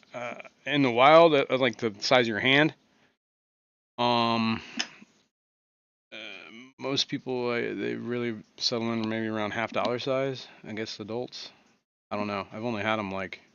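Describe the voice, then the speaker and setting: A man's voice: mid-range voice, measured pace, pauses often, bright, forceful tone, clean tone, no room sound, lo-fi sound. A man hosting a casual livestream from his fish room, rambling with muttered asides and lots of fillers. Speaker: livestream host.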